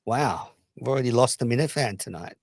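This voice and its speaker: A man's voice: mid-range voice, lively intonation, fairly quick, no echo. Rambling man hosting a live show. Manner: rambling, reading tweets aloud with asides. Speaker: podcast host. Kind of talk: casual live show chat.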